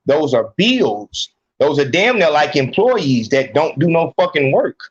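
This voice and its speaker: A man's voice: a little high, very animated, unhurried, breathy edge, lo-fi sound. A man hosting a podcast, ranting bluntly with heavy slang and swearing. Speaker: podcast host. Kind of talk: profane ranting commentary.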